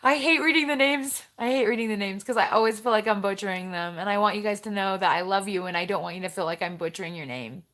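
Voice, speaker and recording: A woman's voice: mid-range voice, fast, hardly any pauses, a bit bright. A woman hosting a casual live stream, chatting in a rambling way and talking straight to her viewers as she reads their comments. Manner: chatty and rambling, jumps between topics, talks straight to viewers.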